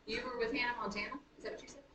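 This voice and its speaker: A woman teaching a high school writing class, chanting the stress patterns of words aloud. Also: steady tone, very fast, far from the mic, a loud crowd. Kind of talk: classroom lecture on poetic meter. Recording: echoey classroom recorded from afar.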